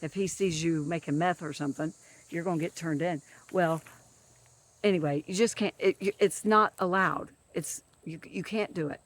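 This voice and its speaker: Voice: mid-range voice, moderate pace, a bit bright, no room sound. Emphatic person ranting about a scorching day. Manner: emphatic and repetitive, stressing words over and over. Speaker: government field worker. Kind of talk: upset ranting monologue.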